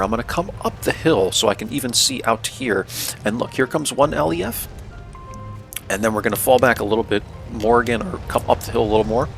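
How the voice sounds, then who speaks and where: Gravelly young man commenting on gameplay. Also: mid-range voice, a bit bright. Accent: North American English. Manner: explains tactics, lots of "um", "right?" and "man".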